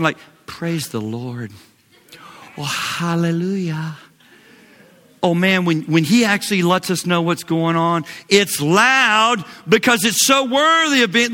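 A pastor preaching a sermon with big swings in volume, from loud calls down to near-whispers, and a slow, emphatic delivery. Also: male voice, high voice. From Knoxville, Tennessee. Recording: long hall reverb.

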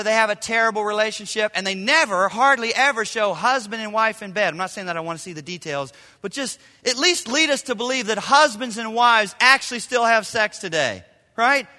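A middle-aged man preaching to a congregation, his voice high and bright. He hammers words through repetition and swings from hushed asides to loud outbursts. The sound carries a long reverb from the large hall. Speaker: pastor. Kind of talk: sermon.

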